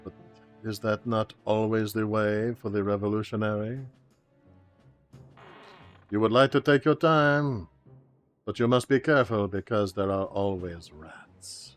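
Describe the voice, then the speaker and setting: A man voicing a young male hero as a pompous proletariat revolutionary with a deliberately bad French accent. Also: lowish voice, fairly even intonation, soft background music, close to an everyday voice. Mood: scheming. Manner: grandiose, declamatory, talks to enemies. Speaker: game commentator. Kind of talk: let's play voice role-play.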